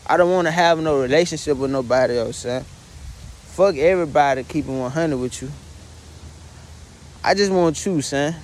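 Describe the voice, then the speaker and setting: A man's voice: fairly high pitch, normal speed, long pauses, slight background noise. A young man, tearfully venting in a profane, repetitive confessional monologue from his bedroom. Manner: distraught, addresses listener as "son" constantly, profane, repetitive. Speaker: vlogger.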